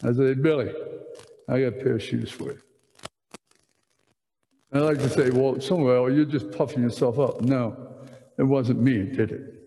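A man preaching a sermon to a room of people, telling a story with many restarts and animated emphasis. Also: mid-range voice, in a large hall, low-quality recording. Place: large room with audience.

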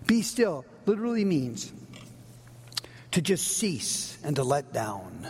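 High-voiced pastor preaching in a hall. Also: male voice, huge pitch swings, slow, long pauses, slight background noise. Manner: dynamic preaching, swinging from loud to near-whisper. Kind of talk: sermon. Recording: long reverb of a large hall.

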